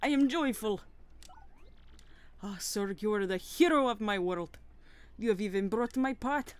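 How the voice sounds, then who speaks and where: A woman's voice: mid-range voice, expressive, a little slow, close to an everyday voice. A woman voicing an overjoyed male chef who talks in clumsy, formal, broken phrases. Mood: gushing.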